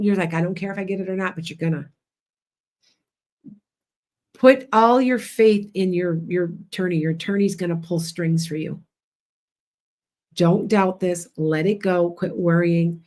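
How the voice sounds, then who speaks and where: A woman's voice: on the low side, a little mellow. Chatty Midwestern woman psychic streamer. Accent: Midwestern Chicago. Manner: chatty, blunt, rambling. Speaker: psychic livestream host. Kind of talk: casual livestream readings.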